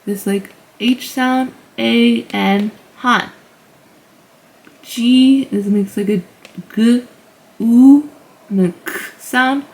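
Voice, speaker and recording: A young woman hosting a tutorial, explaining step by step in a relaxed way with lots of "like" and "um". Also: a little high, slow, creaky, hardly any pauses. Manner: relaxed, filler-heavy explaining with "like". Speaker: language tutorial host. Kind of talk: casual teaching walkthrough.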